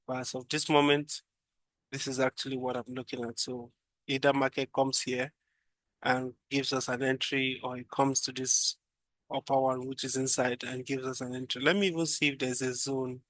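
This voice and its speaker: A man's voice: medium pitch, level tone, moderate pace, fairly bright tone, no room sound. A man casually walking through a trading chart, thinking aloud and repeating phrases as he goes. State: yawning, drowsy. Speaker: trading analyst.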